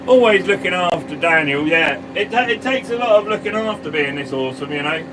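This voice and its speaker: Chatty farmer, high voice, engine noise. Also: male voice, expressive, brisk. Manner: chatty, greets viewers by name. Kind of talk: casual live stream chat. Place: sprayer cab on a farm field. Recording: mic at a distance, vehicle noise.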